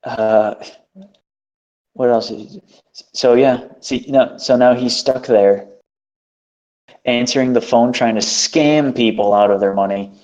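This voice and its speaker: A man's voice: medium pitch, slow pace, long pauses, a little mellow. A man hosting a casual chat, telling an exasperated, profane story. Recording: dull lo-fi recording.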